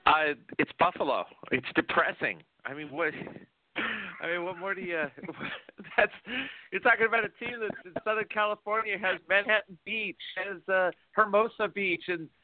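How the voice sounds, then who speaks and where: A man's voice: sits high, slight background noise. Rambling man talking hockey. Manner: rambling, full of "uh" pauses. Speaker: co-host, hockey fan. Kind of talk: casual sports talk radio. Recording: dry, phone-like lo-fi audio.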